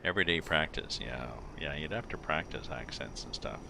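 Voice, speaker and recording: A man's voice: rumbling low, expressive, moderate pace, vocal fry. A middle-aged man streaming a driving game, chatting casually with his viewers and rambling as he thinks aloud with lots of fillers. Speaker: livestreamer playing a driving game. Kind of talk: casual chat with live viewers. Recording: game vehicle noise underneath. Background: truck engine and road sounds from the game.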